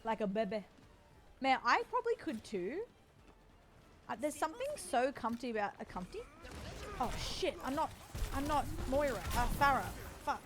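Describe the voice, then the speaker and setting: A woman's voice: high voice, very animated, moderate pace, long pauses. A woman chatting casually and playfully with her viewers while gaming, tired and swearing now and then. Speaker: streamer. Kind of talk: casual gaming stream chat.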